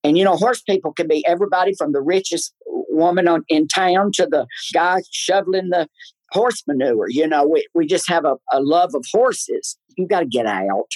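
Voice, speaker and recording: A man's voice: a little high, normal speed, no echo, low-quality recording. An older man, a chatty podcast guest telling folksy stories and laughing often. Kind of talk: casual storytelling.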